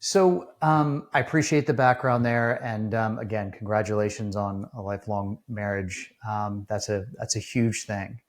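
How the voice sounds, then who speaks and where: A man hosting his first podcast episode, speaking earnestly and haltingly, with many restarts. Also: fairly low pitch, fairly even intonation. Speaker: podcast host. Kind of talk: casual interview talk.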